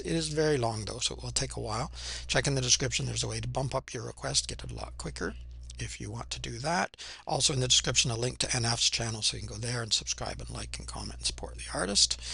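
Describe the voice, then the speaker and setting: A man hosting a music reaction channel. He is hoarse, losing his voice and has a cough, and he speaks in an earnest, reflective way, often restarting his sentences. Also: mid-range voice, pushed and bright. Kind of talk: casual music reaction commentary.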